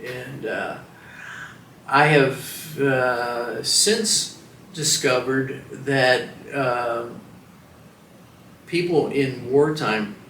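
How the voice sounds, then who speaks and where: An older man in his seventies with a gravelly voice recalls his life slowly, full of pauses and restarts. He sounds a bit distant from the mic in a roomy space with faint ambience behind him. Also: medium pitch, fairly bright tone, slight background noise. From Washington, DC, United States. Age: 70s. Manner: hesitant, reflective, many fillers and restarts. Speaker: veteran interviewee. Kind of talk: oral history interview.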